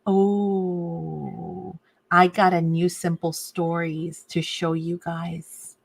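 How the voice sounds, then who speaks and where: A woman's voice: lowish voice, flat delivery, drawn-out words, creaky. A woman hosting a casual craft livestream, chatting with viewers and fussing over a sore torn nail. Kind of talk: casual live chat while crafting.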